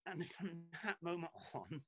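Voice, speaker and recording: A man, a former footballer and podcast guest, telling lively anecdotes with frequent laughs in casual talk. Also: a little high, a little slow, husky, no echo, rough recording.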